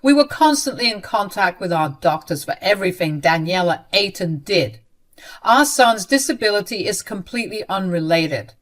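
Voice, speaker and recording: A woman voicing an angry husband who defends his wife firmly and forcefully. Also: medium pitch, expressive, normal speed, close to an everyday voice. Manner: firm, forceful. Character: angry protective husband and father.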